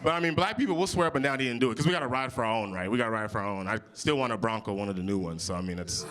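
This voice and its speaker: A man in his early thirties doing improvised stand-up comedy on audience topics, with big jumps in pitch when he quotes people. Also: racing. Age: 30s. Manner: animated, jumps high for quoted voices. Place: comedy club stage. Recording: live venue with audience.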